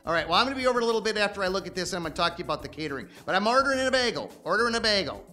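A man voicing an excitable, scatterbrained male bunny puppet in a children's puppet show, giggling and stammering as he talks. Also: high voice, racing, faint music behind, full character voice. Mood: excited.

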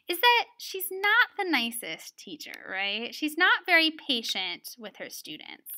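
A woman's voice: sits high, wildly swooping pitch, measured pace, few pauses, sharp tone. A woman teaching a writing lesson on dialogue, explaining step by step and often checking in with "right?". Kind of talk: recorded lesson video.

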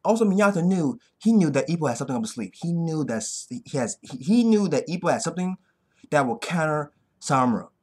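Husky guy with a wildly swinging pitch, excitable reaction-vlog host, curses and yells. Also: brisk. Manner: excitable, profane, bursts into yelling. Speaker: anime reaction vlogger. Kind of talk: hyped casual recap.

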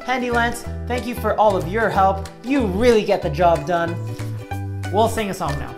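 A woman's voice: medium pitch, normal speed, over music. A woman teaching children a Bible memory verse in an upbeat, encouraging way, acting playfully exasperated at a helper. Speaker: Sunday school teacher.

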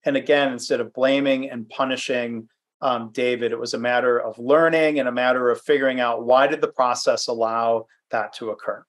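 A man's voice: medium pitch, fairly even intonation, normal speed. Conversational man presenting a webinar. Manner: conversational, self-deprecating, with fillers and restarts. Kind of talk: presentation with anecdotes. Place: home office.

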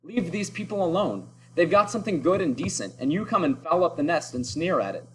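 A man's voice: mid-range voice, expressive, fairly quick, close to an everyday voice, low-quality recording. A man voicing an earnest young crew member who defiantly stands up to his captain in a story read-aloud.

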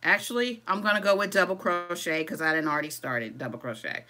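A woman with a fairly low-pitched voice talks a little fast while hosting a live crochet tutorial. Relaxed and chatty, she says "y'all", greets viewers by name and reads their comments aloud as she crochets.

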